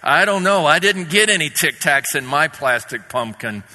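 A kind young boy asks gentle, concerned questions in a slightly raised, bright voice, as a preacher puts him on. The voice rings in a large reverberant room. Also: on the high side, lively intonation, moderate pace. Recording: long reverb in a hall.

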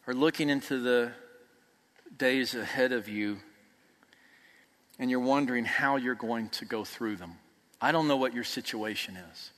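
A man preaching a sermon as pastor, emphatic, swinging from loud peaks to soft, quiet passages. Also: mid-range voice. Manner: emphatic, rising to near shouts then dropping soft. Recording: long reverb of a large hall.

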